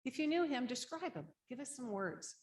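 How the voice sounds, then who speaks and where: Her voice sits high with a sing-song lilt and a darkish tone, at a moderate pace. In a conference room, this woman leads a grief support workshop, explaining the steps practically and conversationally and often checking in with "right?"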